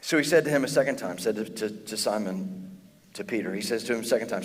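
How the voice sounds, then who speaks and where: A male pastor preaching a sermon in a conversational, animated way, acting out quick asides to the congregation. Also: fairly low pitch. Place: church auditorium. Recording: long church hall reverb.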